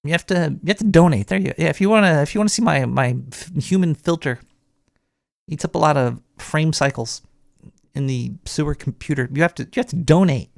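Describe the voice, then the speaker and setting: A man doing a gravelly paranoid sewer rat host. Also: on the high side, fairly quick, no room sound, studio quality. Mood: rambling. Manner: rambling, restarts often, paranoid musings. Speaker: radio show host. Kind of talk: rambling call-in show monologue.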